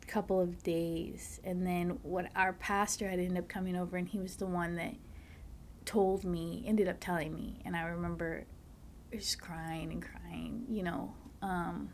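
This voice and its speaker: Soft-spoken, halting woman guest. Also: on the low side, level tone, slight background noise. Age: adult, a mother. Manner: soft-spoken and halting, with frequent fillers and breathy whispered stretches. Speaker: podcast guest. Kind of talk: casual conversation, personal storytelling.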